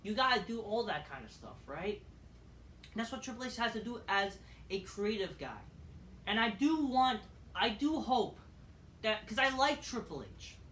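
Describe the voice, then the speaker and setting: A woman's voice: mid-range voice, sing-song, moderate pace, fairly bright tone. A woman rants in loose, rambling commentary, circling back over the same phrases and tossing in swear words. She sits some way from the microphone in an echoey room at home, with a faint hiss of noise behind her. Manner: rambling, repeats phrases, swears, restarts sentences. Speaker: wrestling commentary vlogger. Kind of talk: ranting casual commentary. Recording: roomy echo, distant from mic, faint noise.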